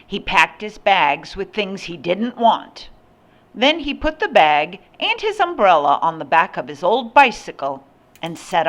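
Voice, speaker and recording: An older woman reading a picture book aloud with slow, expressive storytelling. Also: medium pitch, background noise. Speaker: storybook reader.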